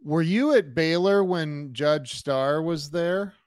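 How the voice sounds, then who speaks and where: Male host, higher voice, dry and close, slow with stop-start questions and short encouraging replies. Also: a little mellow, no room sound. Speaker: podcast host. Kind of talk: interview, casual chat.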